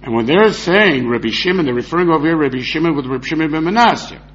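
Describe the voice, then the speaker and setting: A man giving a lively, argumentative Talmud lecture, acting out the rabbis he quotes. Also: on the high side, quick pace. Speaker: Talmud teacher. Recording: dull lo-fi recording.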